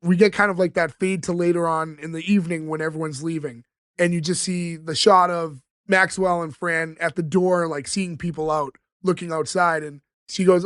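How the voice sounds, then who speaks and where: Guy with a high voice recapping a tv episode, super dry close sound. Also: steady tone, a bit bright, no echo. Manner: retells scenes, quoting characters in quick bits. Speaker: podcast co-host. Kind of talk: casual recap chat.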